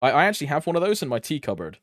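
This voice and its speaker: A man's voice: fairly high pitch, sing-song, racing, fairly bright tone, no room sound, studio quality. A young man from Britain chatting casually with his live-stream chat, rambling and humming between lines. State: allergies flaring up.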